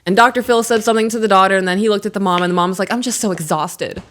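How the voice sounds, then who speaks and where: A woman in her thirties co-hosting a podcast, chatting casually, reading aloud from a book and acting out what people said in animated stories. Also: mid-range voice, racing. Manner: animated storyteller who acts out quotes. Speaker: podcast co-host.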